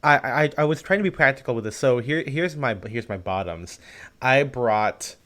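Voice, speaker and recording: A man co-hosts a podcast, chatting casually and rambling with plenty of fillers and restarts. His mid-range voice is animated and a bit bright, at a normal speed.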